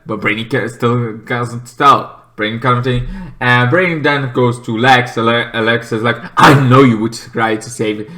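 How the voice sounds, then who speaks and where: A man casually reviewing TV episodes alone, rambling with many fillers and breaking into shrill, shouted impressions of the characters.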